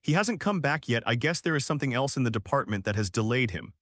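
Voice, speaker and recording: A man's voice: medium pitch, animated, fast, a bit bright, no echo. A kind middle-aged witch mother fusses over the children, as a man reads her part. It is a storybook reading with a dry, close sound. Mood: caring. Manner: kind, fussing. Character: warm, fussing wizard mother, middle-aged.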